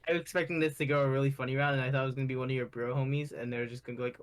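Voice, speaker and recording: A man's voice: mid-range voice, level tone, racing, a little hiss or hum. A teenage guy co-hosting a casual chat, joking and teasing while he reads out questions. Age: teens. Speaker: co-host asking questions.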